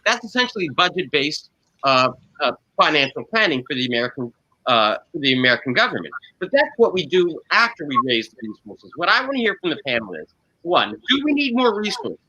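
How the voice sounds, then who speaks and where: A man's voice: fairly high pitch, very animated, brisk, sharp tone, lo-fi sound. A man hosting a panel discussion, probing the guests and restating their positions. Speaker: panel show host.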